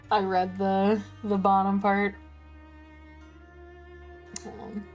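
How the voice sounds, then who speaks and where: A woman streamer chatting casually as she plays, excitable, laughing and swearing freely. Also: medium pitch, drawn-out words, faint music behind. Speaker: game streamer.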